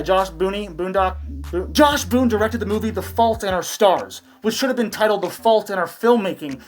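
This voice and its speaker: A man hosting a commentary vlog, talking in a crude, sarcastic way and swearing heavily. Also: high voice. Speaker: commentary vlogger host. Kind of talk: profane casual commentary rant.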